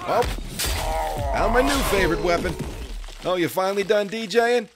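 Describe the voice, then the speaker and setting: A man's voice: high-pitched, normal speed, noisy background. A man giving let's play commentary, profane and joking, talking back to the characters on screen. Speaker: gaming commentator. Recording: music playing behind.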